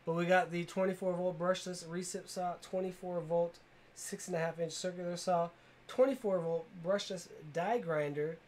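A man's voice: high-pitched, steady tone, moderate pace, darkish tone. A man hosting a tool giveaway livestream, upbeat, calling out to viewers and reading their comments in casual chat. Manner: upbeat, calls out to viewers and reads comments aloud. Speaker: tool channel livestream host.

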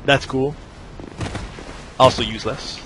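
A man's voice: mid-range voice, steady tone, takes it slowly, noisy background. A man streaming a video game, chatting casually and swearing while he plays. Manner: casual, profane, joking. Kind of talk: casual let's-play commentary.

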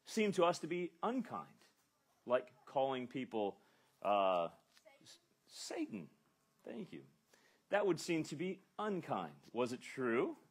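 Husky, animated man preaching. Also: mid-range voice. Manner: emphatic preaching, voicing quoted speakers. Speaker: pastor. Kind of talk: expository sermon. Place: church.

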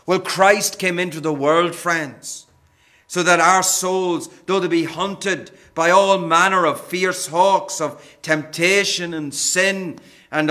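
A man preaching a gentle sermon, often calling his listeners friends. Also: fairly high pitch. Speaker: pastor.

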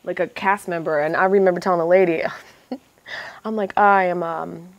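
A young adult woman telling stories as a guest, animated and profane, acting out what other people said. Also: fairly low pitch, normal speed, no room sound, lo-fi sound. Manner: lively, profane, acts out other people's lines. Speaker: reality TV contestant guest. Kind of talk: animated storytelling chat.

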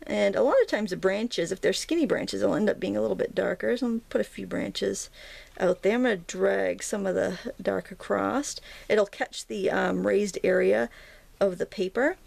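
A woman's voice: mid-range voice, normal speed, gravelly, a little mellow, no room sound. A woman in her thirties hosting a casual painting tutorial, chatty and rambling, with lots of ums as she works. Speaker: craft video host.

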